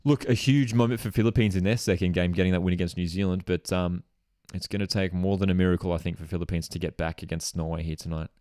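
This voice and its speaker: A man with a low, deep voice gives live reaction commentary on a football match, bursting into excitement at big moments and then settling into easy chat. His sound is close and dry, with no room echo, as he reads viewer comments from a home streaming setup. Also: fast, few pauses. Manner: excitable, chatty, reads chat messages aloud. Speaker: football watchalong host.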